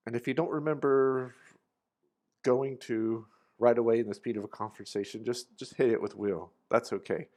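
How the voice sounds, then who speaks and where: Relaxed man teaching English grammar. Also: mid-range voice, moderate pace. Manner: relaxed, casual explanations with fillers. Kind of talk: recorded grammar lesson.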